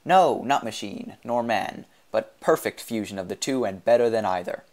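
A mad half-machine sculptor of a man, proud and theatrical, drawing out his words, as a male reader puts him on. The voice sits fairly low. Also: animated, darkish tone, lightly acted. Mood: grandiose. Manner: grandiose, theatrical, slow and drawn out.

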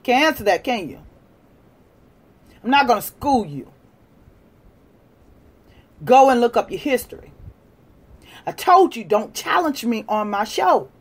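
Woman livestream host, combative lecturing rant, high voice, lively swooping pitch, loud bursts and low mutters. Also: measured pace, pauses often, breathy edge. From United States. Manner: combative, lecturing, shifts between shouting and quiet muttering. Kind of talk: live-stream rant to viewers.

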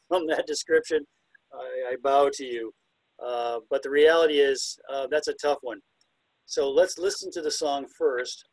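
A man with a slightly high voice gives an illustrated talk on recognizing birds by their songs, chatty and self-deprecating, occasionally hooting and whistling to mimic the calls. The recording is low quality but has no room sound.

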